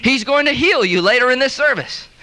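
A man's voice: very high-pitched, animated, a little fast, pushed and bright, voice pushed up, full character voice. A man voicing a timid but showy male healing evangelist who calls out to a crowd. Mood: coaxing. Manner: preachy, calling out to a crowd.

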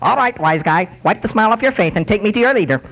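A preacher voicing a gruff little male Martian who growls his demands in a joke. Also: high-pitched, lively intonation, fast talker, a bit bright, voice pushed up.

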